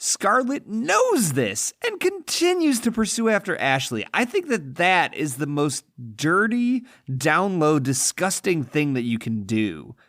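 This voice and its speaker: Animated, emphatic man, fairly high voice. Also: unhurried, few pauses, no echo, studio quality. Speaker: podcast co-host. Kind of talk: casual film discussion.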